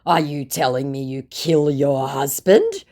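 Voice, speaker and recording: A woman voicing a fawning male romance scammer who speaks slow, broken English. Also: very deep voice, animated, dark tone. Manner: slow, syrupy, clumsy grammar.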